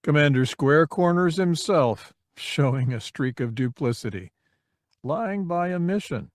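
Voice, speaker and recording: A man narrating an audiobook in measured, expressive storytelling. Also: fairly high pitch, dry recording, clean studio sound. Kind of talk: scripted narration.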